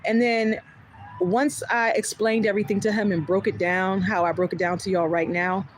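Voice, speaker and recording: A woman with a medium-pitched voice hosts a livestream, casually recounting a story at a moderate pace. She animatedly plays out both sides of the conversation and laughs frequently, over poor audio with slight background noise.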